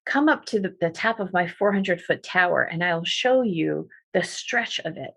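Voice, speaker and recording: A woman's voice: lowish voice, animated, normal speed, gravelly, a bit bright, heavily acted. A woman playing a sly, bold noble widow. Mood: coaxing. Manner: commanding and sly. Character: bold scheming middle-aged noble widow.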